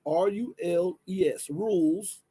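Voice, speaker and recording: A man with a Southern US accent runs a casual livestream, his high-pitched voice slow with a breathy edge. Animated and direct with viewers, he reads from his screen and keeps restarting, with plenty of fillers.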